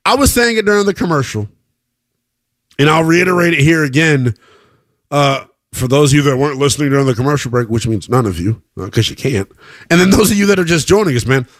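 A man hosting a live sports radio show, hyping scores with swings between loud calls and low asides.

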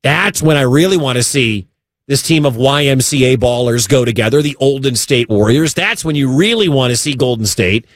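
A man's voice: medium pitch, lively intonation, normal speed, dry recording. A man hosting a sports talk radio show, talking emphatically and repeating his points for stress.

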